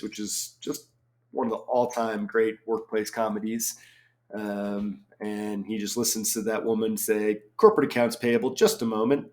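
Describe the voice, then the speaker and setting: A man's voice: on the low side, darkish tone. A man in his forties, a chatty crossword solver who thinks aloud and wanders off on tangents, full of ums. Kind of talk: casual solo commentary while solving.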